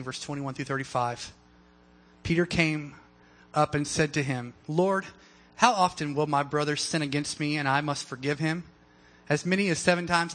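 A man's voice: a little high, bright, forceful tone. A man preaching a sermon in a casual, conversational way, full of fillers and acted-out voices from the story. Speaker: pastor.

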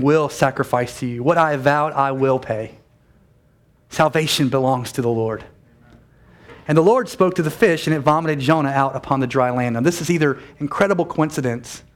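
A man preaching a sermon in a church, animated and conversational, with quick self-correcting asides. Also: medium pitch. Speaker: pastor.

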